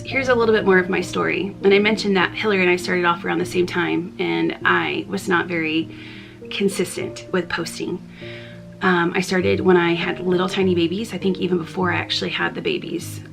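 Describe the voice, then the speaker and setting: A woman's voice: lowish voice, vocal fry. A woman vlogger talking to camera in an earnest, open and chatty way. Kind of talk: heartfelt talk to camera. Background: background music.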